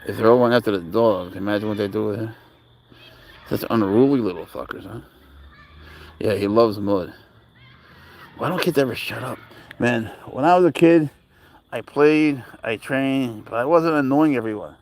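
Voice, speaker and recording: A man with a gravelly, creaky voice talks off the cuff on a live stream while outdoors in a park. He rambles bluntly and swears freely, answering viewers' messages as he goes. His pitch sits in an ordinary middle range. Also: normal speed, long pauses, a little mellow, a little hiss or hum. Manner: answers chat messages aloud. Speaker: livestreamer walking his cat. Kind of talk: casual livestream chat.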